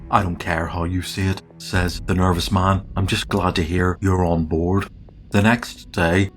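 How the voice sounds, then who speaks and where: A man with a slight cold in his throat, narrating a solo tabletop campaign as game master and reading every character's lines in one steady storytelling voice. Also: deep voice.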